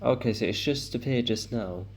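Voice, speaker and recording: A man's voice: mid-range voice, moderate pace, darkish tone. A man giving casual commentary as he reacts to a TV show, thinking aloud and hesitating with fillers and restarts. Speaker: reaction video host.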